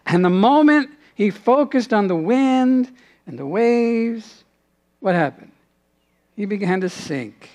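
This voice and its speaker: High-voiced man preaching a sermon. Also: lively intonation, slow. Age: adult, father has passed away. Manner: earnest preaching, dropping to a hushed voice in prayerful moments. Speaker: pastor.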